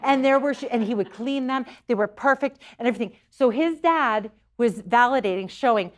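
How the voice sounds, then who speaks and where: A middle-aged woman talks earnestly to a small live group, moving from point to point through personal stories. Her voice sits slightly high for a woman, and she sometimes doubles back on a word before carrying on. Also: brisk, hardly any pauses. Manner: earnest, storytelling, repeats herself at times. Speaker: psychic medium giving a talk. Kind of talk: live talk to a local group.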